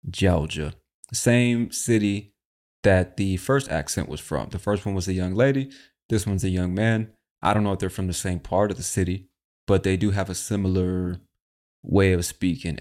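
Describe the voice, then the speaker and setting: A male podcast host with a very low, deep voice chats casually about accents. He speaks directly to the listener, calling them "my friend," in an easygoing style. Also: moderate pace, a little mellow. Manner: chatty, addresses the listener as "my friend". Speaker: host of an English-learning show.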